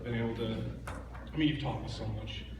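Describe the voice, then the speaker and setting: A man giving a tribute to his father-in-law at an open mic, telling a relaxed anecdote. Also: on the low side, a little fast. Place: large church hall, live event. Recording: echoey hall, distant mic, loud noise.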